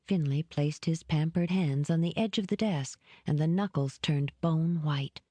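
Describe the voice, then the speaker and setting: Woman, audiobook narrator, low voice, measured, dry recording. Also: mellow, no room sound. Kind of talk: scripted narration.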